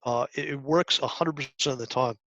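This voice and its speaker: A middle-aged man giving a talk to high school students, coaching earnestly with restarts and acted-out examples. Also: a little fast, a bit bright, dry recording. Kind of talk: presentation talk. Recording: dull lo-fi sound.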